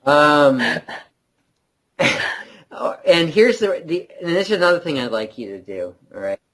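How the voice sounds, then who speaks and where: A man's voice: medium pitch, animated, a little fast, fairly bright tone, low-quality recording. A man co-hosting a casual late-night podcast, rambling, trailing off and laughing often. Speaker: podcast co-host.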